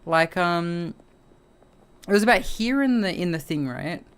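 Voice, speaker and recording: This is a woman, talking casually to her stream viewers. She recaps a story in a loose, conversational way and keeps checking in with a "right?". Her swearing is offhand and relaxed. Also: lowish voice, measured pace, clear, resonant tone. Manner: acts out the character with short mumbled lines and cries. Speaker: streamer reviewing a film. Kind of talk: casual chat.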